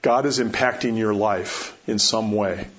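A man's voice: on the low side, steady tone, measured pace, a bit bright. A man pastor preaching a sermon, emphatic and storytelling, repeating rhetorical questions. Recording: dull lo-fi recording.

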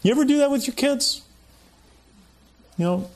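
A man's voice: high-pitched, wildly swooping pitch, unhurried, pauses often, breathy edge. A man preaching a sermon in a conversational, folksy way, often saying "you know" and chuckling. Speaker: pastor.

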